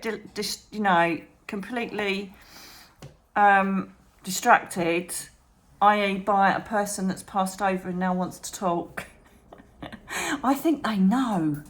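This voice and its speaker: Lady vlogging at home, chatty and animated, keeps losing her train of thought. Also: medium pitch. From England. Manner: chatty, animated, calls viewers darling, trails off mid-thought. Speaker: psychic medium and channel host. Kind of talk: chatty advice vlog to camera.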